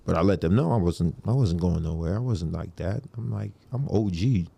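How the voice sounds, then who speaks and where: A man's voice: sits low, fairly quick, vocal fry, mellow, husky. A man as a podcast guest in casual chat, laid-back and slangy, often saying "you know".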